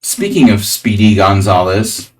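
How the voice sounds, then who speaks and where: Slow-talking male chess streamer, low voice. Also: big pitch swings, far from the mic, poor audio. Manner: thinks aloud about moves, dry jokey asides. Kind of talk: live-stream chess commentary.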